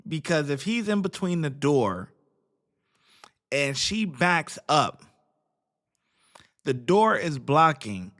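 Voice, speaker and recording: A man gives casual, slangy reaction commentary at a very slow, drawn-out pace. His voice is bright and fairly high, and his pitch moves a lot. It sounds like a relaxed video host reacting.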